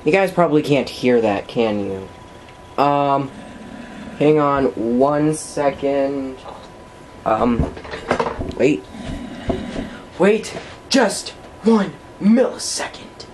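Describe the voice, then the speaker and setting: A let's play gamer and vlogger in casual gameplay commentary, giggly, rambling and apologetic, with sudden high yelps. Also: lively intonation, drawn-out words, long pauses, background noise.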